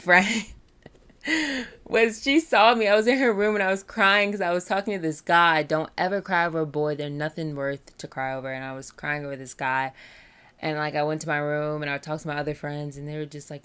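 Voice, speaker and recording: A woman's voice: low-pitched, fairly bright tone, clear, resonant tone. A young woman, a college student, talking candidly and earnestly about mental health and self-love. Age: young adult. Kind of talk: personal talk on mental health.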